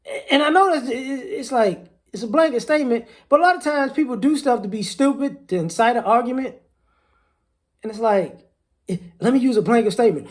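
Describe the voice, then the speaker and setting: A man's voice: very high-pitched, expressive, a little fast. A man delivering an indignant casual monologue, repeating words as he builds his point. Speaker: commentator.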